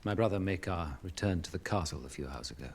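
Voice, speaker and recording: A wise prince with an elegant RP English accent. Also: male voice, low voice, animated, husky, heavily acted. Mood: grave. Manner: elegant and measured. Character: wise, measured royal prince.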